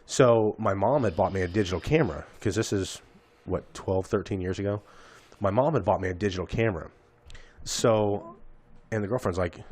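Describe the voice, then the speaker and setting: A man's voice: low voice, a little fast, darkish tone, breathy edge, no room sound. A man in his thirties, a podcast host telling a profane, rambling story in casual chat.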